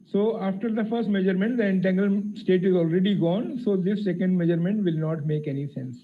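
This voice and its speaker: A man with a fairly high voice walks through a physics lecture, careful and explanatory, pausing often on fillers. The audio is thin and phone-like. A faint hiss sits underneath it. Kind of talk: technical lecture.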